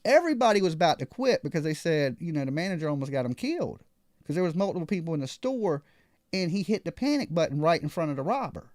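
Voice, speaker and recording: Guy hosting a call-in show, kinda high voice, super lively storytelling, dry mic. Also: fast talker, no room sound. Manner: animated, acts out other people's lines. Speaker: live call-in show host. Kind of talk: casual storytelling.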